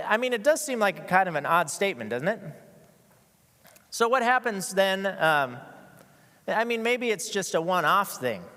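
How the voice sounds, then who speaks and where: Male preacher, conversational and joking, rather high and very animated voice, long hall reverb. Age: adult with school-age kids. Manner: casual, joking, with many fillers and restarts. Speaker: guest preacher. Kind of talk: conversational sermon. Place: church sanctuary with a masked congregation.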